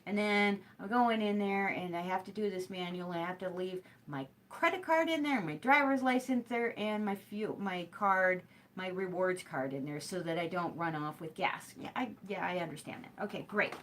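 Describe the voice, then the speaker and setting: A woman's voice: fairly low pitch, normal speed, hardly any pauses, a bit bright. Middle-aged lady hosting a live hoop show, rambling story, lots of ums and you knows. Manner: rambling storytelling with many fillers. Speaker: host of a hooping show. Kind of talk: casual chat to a live stream.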